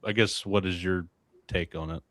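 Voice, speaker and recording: Deep-voiced man hosting a livestream. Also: dry recording. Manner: relaxed, halting, many fillers. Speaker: livestream host. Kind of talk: casual livestream chat.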